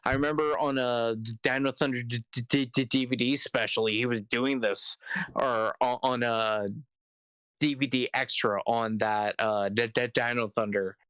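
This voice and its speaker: Podcast dude with a smooth clear voice, dry sound, rambles a bit while recapping. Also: male voice, mid-range voice, steady tone, normal speed, fairly bright tone, no room sound, poor audio. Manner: rambling, stumbles over words. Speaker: podcast co-host. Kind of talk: casual recap chat.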